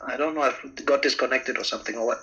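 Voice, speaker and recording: A man's voice: mid-range voice, rapid-fire, pushed and bright. Hesitant male caller on a dull line. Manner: hesitant, polite, many fillers. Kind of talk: polite call over video chat. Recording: dull lo-fi call audio.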